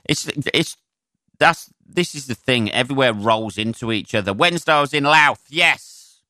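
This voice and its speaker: A comedian rambles through his solo podcast, swearing freely and filling gaps with ums. His voice is bright and sharp, smooth and clear, and it sits close to the mic with a dry sound. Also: medium pitch, animated, normal speed, dry recording. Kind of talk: casual solo podcast monologue.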